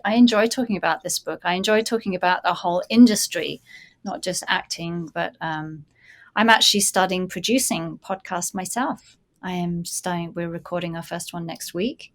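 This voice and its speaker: A woman's voice: lowish voice, moderate pace. A British woman, an actor guesting on a podcast, chatting casually and a little self-deprecating. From Britain.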